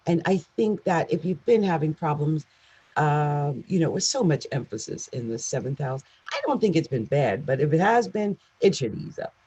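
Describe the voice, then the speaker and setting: Husky, chatty woman astrologer. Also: sits low, expressive, normal speed, dark tone, muffled recording. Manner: chatty, emphatic, exclamatory asides. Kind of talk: casual monthly horoscope talk.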